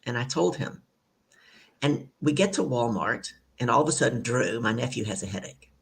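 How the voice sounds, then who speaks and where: A woman hosting an online talk show, telling a family story in a lively, chatty way, with many asides, over a video call. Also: extremely low pitch, normal speed, vocal fry. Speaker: show host. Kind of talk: conversational storytelling.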